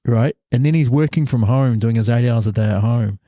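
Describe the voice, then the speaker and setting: A man's voice: mid-range voice, a little fast, no echo. A man telling stories in a loose, rambling chat over a video call from a hotel room, laughing and restarting often. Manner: rambling, animated, lots of filler and laughs. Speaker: actor interviewed from hotel quarantine. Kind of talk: casual chat, storytelling.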